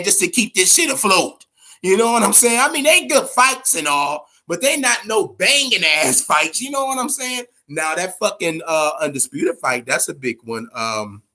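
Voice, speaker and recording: On a boxing podcast, the male host swears freely and hammers his points home through repetition, offering laid-back but strongly opinionated takes. His voice sits on the high side, bright and forceful.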